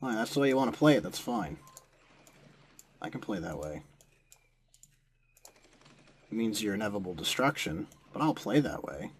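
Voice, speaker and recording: A man's voice: lowish voice, sing-song, fairly quick, slightly rough. A young American man commenting on a strategy war game he is playing, sarcastic and given to swearing at the computer opponents. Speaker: gameplay commentator.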